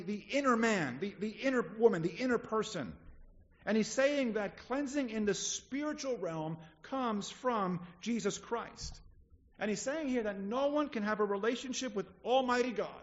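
A man with a high-pitched voice preaches a sermon and paints the scene for his listeners in rich detail. He draws out the words he wants to land. The recording sounds a little dull and lo-fi. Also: lively intonation. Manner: vivid storytelling, slowing down for emphasis.

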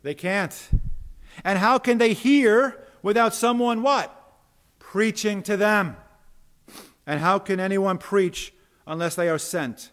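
A man with a fairly high voice delivers a sermon from the pulpit. He preaches emphatically, rising to loud declarations and dropping to quiet asides. He repeats a word now and then as he restarts a thought. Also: takes it slowly, long pauses. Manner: repeats words when restarting. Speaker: pastor.

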